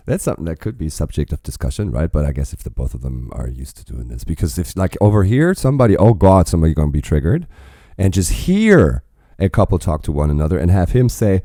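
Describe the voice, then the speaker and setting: A man with a very low, mellow voice comments on a song in a loose, profane, rambling way. His pitch swings widely as he gets worked up. The sound is dry and close, with no room echo. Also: big pitch swings, normal speed. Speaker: reaction video host. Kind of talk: casual reaction commentary.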